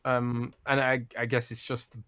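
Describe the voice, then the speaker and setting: A man's voice: mid-range voice, completely flat delivery, measured pace, sharp tone, clean tone, no room sound. A British man from the UK co-hosting a podcast, chatty and rambling, laughing often. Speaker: podcast co-host. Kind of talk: casual chat.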